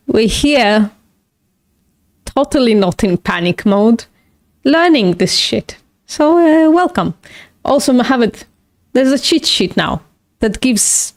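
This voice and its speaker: A woman's voice: mid-range voice, dry recording, studio quality. A woman hosting a live stream, chatting casually with viewers, swearing and laughing at herself. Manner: casual, swears, laughs often, self-mocking. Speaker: livestream host studying logic.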